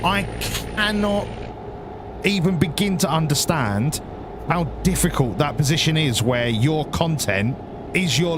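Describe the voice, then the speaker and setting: A man's voice: a little high, background noise. A man chatting casually while streaming a driving game, rambling and swearing freely. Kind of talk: casual live-stream chat.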